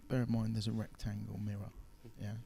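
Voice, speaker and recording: A man's voice: fairly low pitch, brisk, creaky. A man from England doing casual pool commentary, telling jokey stories and mimicking friends. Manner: jokey storytelling, animated mimicry.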